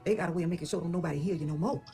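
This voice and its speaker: A woman's voice: lowish voice, rapid-fire, warm tone, soft background music, lightly acted. A woman playing a wary, gossiping old servant woman in a comedy sketch, talking in a folksy drawl that sometimes drops to a whisper. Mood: warning.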